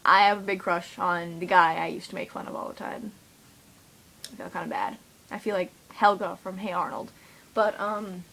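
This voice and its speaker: A teenage girl talks straight to camera in a loose, rambling monologue. She's chatty and giggly, and she slips into quick impressions of her friends. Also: medium pitch, vocal fry, fairly bright tone, a little hiss or hum, poor audio. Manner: chatty, giggly, mimics friends in quoted voices. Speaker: vlogger.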